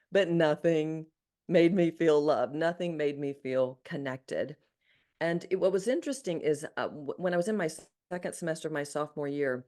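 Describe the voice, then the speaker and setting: A woman in her sixties from Arkansas with a Southern accent, a guest telling her life story in an earnest, animated way with frequent restarts. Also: low-pitched. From Arkansas, USA. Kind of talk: storytelling in an interview.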